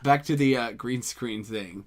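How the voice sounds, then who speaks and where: A man co-hosting a comedy podcast, giggly, breaking into high shrieks and playful voices. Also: a little slow. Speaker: podcast co-host. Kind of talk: casual comedy chat.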